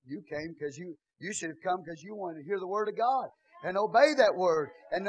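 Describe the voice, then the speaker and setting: A man preaching a sermon as pastor in a church, dropping to quiet asides and rising to loud shouts. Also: high voice, moderate pace, few pauses, low-quality recording.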